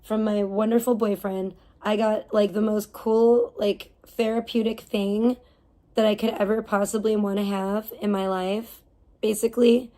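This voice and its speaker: A woman's voice: mid-range voice, flat delivery, unhurried, dark tone. A woman live streamer in a casual, heated rant, swearing often and rambling with restarts. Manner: profane, heated ranting.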